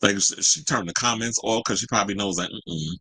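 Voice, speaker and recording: A man hosting a celebrity gossip show, talking in a sassy, animated way with slangy asides. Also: on the low side, fairly quick, slightly rough, low-quality recording. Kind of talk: casual gossip commentary. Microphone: home streaming mic.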